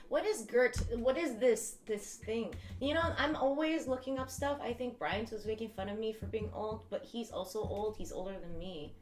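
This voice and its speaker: A woman's voice: on the high side, echoey room, slight background noise. A woman in her thirties hosting a casual livestream chat. She rambles, swears freely and laughs often. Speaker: livestream host.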